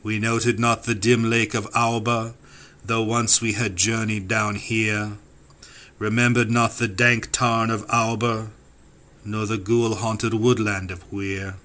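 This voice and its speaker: A man's voice: on the low side, little pitch movement, slow pace, pushed and bright. A man reading classic poems for an audiobook, with a rhythmic, incantatory delivery that sweeps up and down. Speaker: audiobook reader. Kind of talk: dramatic poetry reading.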